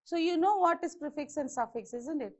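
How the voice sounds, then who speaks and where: A woman's voice: sits high, animated, a little fast. A woman with an Indian English accent teaching a grammar lesson, repeating herself and checking in with her students often. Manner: repetitive, checks in with "okay" and "isn't it".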